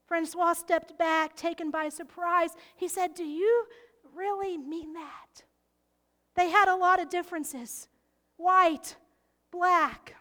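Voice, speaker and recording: A woman preaching a sermon, earnest and heartfelt, often dropping into soft whispers. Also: very high voice, steady tone, slow pace. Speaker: pastor.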